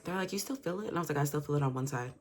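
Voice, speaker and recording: A woman's voice: sits low, very fast, a little hiss or hum. A young woman vlogger, telling a story in casual, profane chat and acting out the quotes. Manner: candid and profane, acts out quotes.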